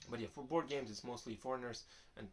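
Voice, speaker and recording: Speaking fast in a medium-pitched voice, with faint music in the background, a young man takes viewer questions on his vlog. He rambles, restarts his sentences often, and comes across as laid-back and candid.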